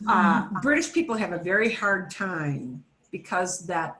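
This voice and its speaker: An American woman teaching a beginners' Spanish class, slowly and patiently saying words for learners to repeat. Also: fairly low pitch, expressive, fairly bright tone, roomy sound. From United States. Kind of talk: classroom pronunciation lesson.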